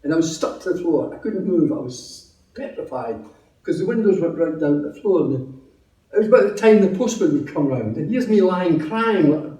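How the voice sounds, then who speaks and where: Scottish man, testimony speaker, humorous and chatty, mellow tone, recorded off-mic in a roomy hall. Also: fairly high pitch, lively intonation, moderate pace, recorded from a distance. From Scotland. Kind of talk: personal testimony at a meeting.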